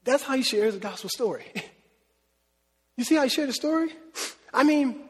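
A man's voice: very high voice, expressive, normal speed, fairly bright tone, breathy edge, big-room sound. A man preaching a sermon as a pastor, talking in a conversational way and often asking his listeners questions. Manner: conversational, asks the audience questions.

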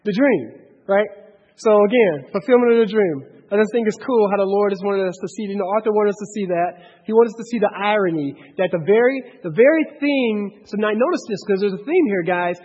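A man leading a Bible study, talking in an animated way, with many restarts and rhetorical questions. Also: high-pitched, a little fast, slightly rough. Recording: dull, echoey hall recording.

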